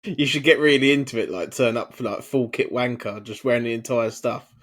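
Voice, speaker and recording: A man's voice: mid-range voice, fairly quick, a bit bright. A man co-hosting a podcast, bantering in laid-back, sweary slang. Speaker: podcast co-host. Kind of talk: casual chat.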